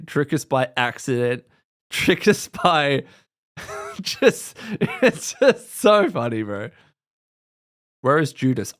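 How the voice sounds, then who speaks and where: A man's voice: sits high, fairly bright tone. A man hosting a casual podcast livestream, chatting animatedly and laughing often. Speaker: podcast host. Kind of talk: casual live-stream chat.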